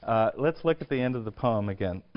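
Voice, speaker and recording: A man giving a university lecture on poetry, often hesitating with filler sounds, clearing his throat and restarting his sentences. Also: on the low side, expressive, normal speed. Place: lecture hall. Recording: dull lo-fi lecture recording.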